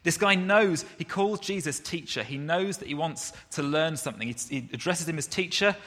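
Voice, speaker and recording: A man, preaching a sermon in a relaxed, conversational way with self-deprecating asides. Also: a little high, normal speed. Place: church hall. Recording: reverberant church hall.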